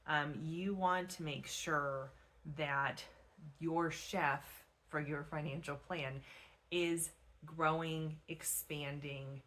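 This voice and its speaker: A woman's voice: low voice, fairly bright tone. A middle-aged woman, a financial advisor, talking casually to camera in a chatty way with frequent fillers and restarts.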